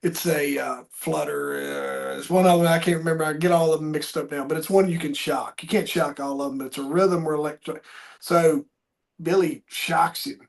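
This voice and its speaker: A middle-aged man hosting a podcast and telling stories with animation, raising his voice to act out what people said. His voice sits a little high for a man. He talks in restarts and hesitations as he goes. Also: moderate pace, gravelly. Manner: animated storyteller, acts out quotes loudly, many restarts. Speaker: podcast host. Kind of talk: conversational interview, storytelling.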